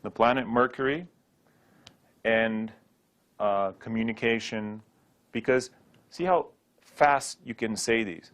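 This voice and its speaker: A man's voice: fairly low pitch, fairly even intonation, a little slow, a bit bright. A man teaching a Sanskrit pronunciation class, drilling syllables aloud for students to repeat. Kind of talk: classroom lecture.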